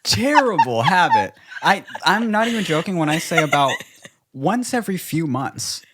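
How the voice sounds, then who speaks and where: A young man co-hosting a casual podcast, goofing around and cursing offhandedly. His voice swings widely in pitch as he rambles through stories. A faint noise sits under the recording. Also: sing-song, moderate pace. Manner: playful, joking, swears casually. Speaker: podcast co-host. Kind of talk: casual chat.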